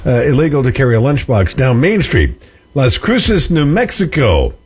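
A man's voice: mid-range voice, normal speed, husky. A man hosting a classic rock radio show, joking casually with many fillers. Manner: jokey, lots of uh fillers, animated. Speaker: radio host. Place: radio studio.

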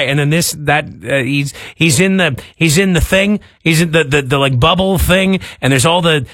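A man's voice: a little high, moderate pace, few pauses, fairly bright tone, dry recording. A man hosting a radio show, chatting casually with listeners and stumbling over his words now and then. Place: radio studio. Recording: dry studio mic with faint music.

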